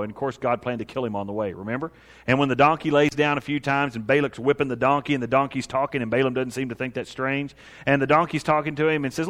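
A man preaching a sermon, retelling Bible stories with lively storytelling and voicing the figures in a lowered tone. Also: fast, long reverb tail. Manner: animated storytelling, acting out biblical figures in a lowered voice. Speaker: pastor.

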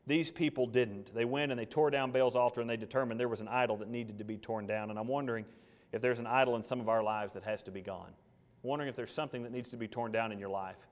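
A man preaching a sermon with passion, firing off rhetorical questions and swinging between loud and hushed. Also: medium pitch, fairly even intonation, fast talker, big-room sound.

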